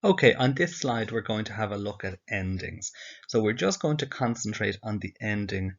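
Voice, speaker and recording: A man's voice: fairly low pitch, lively intonation, moderate pace. Lo-fi man teaching step by step. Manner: patient, asks and answers his own questions. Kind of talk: recorded slideshow lesson.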